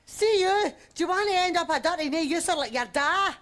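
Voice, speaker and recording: An actress with a Glaswegian accent playing a fierce, nagging housewife in a sitcom. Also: female voice, extremely high pitch, expressive, a little fast. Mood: scolding. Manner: scolding, sharp-tongued. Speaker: sitcom wife. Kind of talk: sitcom acting. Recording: studio audience laughter behind.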